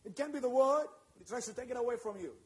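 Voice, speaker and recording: Guy preaching a sermon, really high voice, repeats himself for emphasis. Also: racing, low-quality recording. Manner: preaching with call-and-response asides to the congregation; repetitive, emphatic phrasing.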